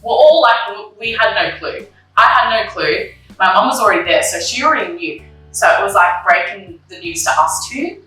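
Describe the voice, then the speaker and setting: A woman's voice: mid-range voice, animated, moderate pace, pushed and bright, far from the mic. A young woman, talking candidly and emotionally as an interview guest, often acting out her own past conversations. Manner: candid, emotional, retells her own past dialogue, many likes and ums. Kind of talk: personal conversation about grief. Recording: echoey room, voice off-mic, faint music.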